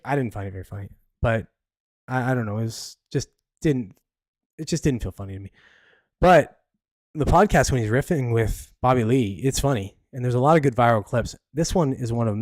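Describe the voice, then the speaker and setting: A man's voice: mid-range voice, a little mellow, dry recording. Man, solo podcast host, loose blunt rambling, dry close sound. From Canada. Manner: rambling, blunt, many fillers. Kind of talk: casual solo commentary.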